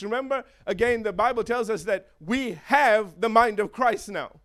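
A man preaching a sermon in an animated way, with joking asides and chuckles. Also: sits high, normal speed, hardly any pauses.

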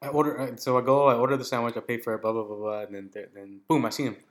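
A man co-hosting a podcast, telling a story in casual chat, swearing freely and breaking into high laughter. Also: racing. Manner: swearing, animated retelling with bursts of high laughter. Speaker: podcast co-host.

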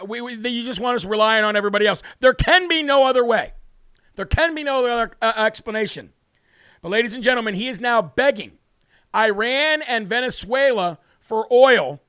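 A man's voice: very high-pitched, pushed and bright, dry recording, studio quality. A man hosting a political talk show, delivering a brash, mocking, ranting monologue.

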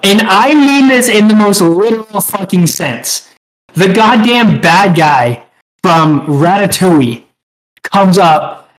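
Laughing through a rambling, profane story, a young podcast co-host chats casually in a high voice. The audio is poor.

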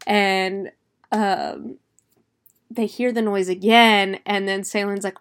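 A young woman casually recapping a horror film, chatty and animated, swearing freely. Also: medium pitch, slow pace, clear, resonant tone. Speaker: movie reviewer.

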